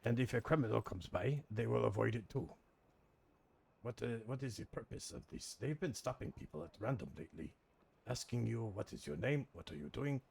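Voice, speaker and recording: A man's voice: mid-range voice, expressive, normal speed, darkish tone. A man playing a defiant foreign-born outlaw who tells his story in broken English and swears bluntly. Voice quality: gravelly and husky. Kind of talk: roleplay in a western game.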